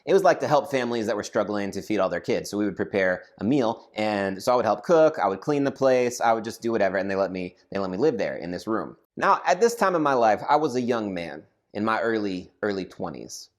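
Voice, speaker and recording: Animated man telling a funny story. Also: lowish voice, fairly quick, hardly any pauses. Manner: animated, acts out voices and shouts. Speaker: storyteller vlogger. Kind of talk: casual comedic storytelling.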